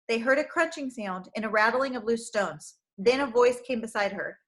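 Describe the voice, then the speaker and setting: A woman reading a storybook aloud for young children, narrating clearly and expressively. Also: on the high side, moderate pace, few pauses, a bit bright.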